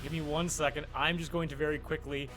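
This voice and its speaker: A man runs a tabletop role-playing session as game master. He narrates in a loose, easygoing way, full of fillers, with a voice sitting a little high for a man. Music plays behind him. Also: flat delivery, fast. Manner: casual, filler-heavy, laughing often.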